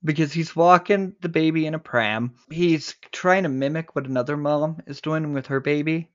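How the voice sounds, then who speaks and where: A man's voice: fairly high pitch, moderate pace, lo-fi sound. A man co-hosting a casual movie podcast, retelling scenes in detail and laughing often. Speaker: podcast co-host.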